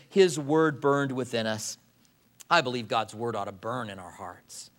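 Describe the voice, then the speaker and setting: A man, a pastor, preaching a sermon with emphatic slowdowns and acted quotations. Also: medium pitch, fairly bright tone.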